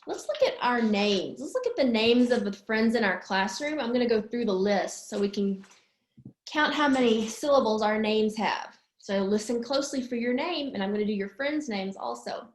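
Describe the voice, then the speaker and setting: A woman teaching young children a lesson, slowly stretching words out syllable by syllable. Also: on the high side, expressive, reverberant. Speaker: preschool teacher.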